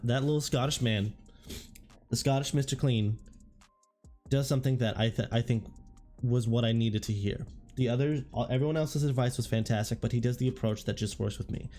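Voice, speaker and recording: Hoarse man in a relaxed recap. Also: medium pitch. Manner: casual, rambling, with frequent restarts. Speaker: tabletop wargame content creator.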